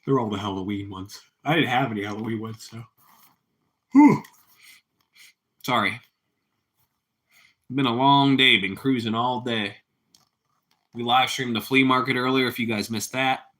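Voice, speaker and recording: Laid-back man, bright voice, chatting live. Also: mid-range voice, moderate pace, long pauses. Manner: relaxed, rambling, chats with viewers and his cat. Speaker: livestream host. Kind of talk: casual live-stream chat.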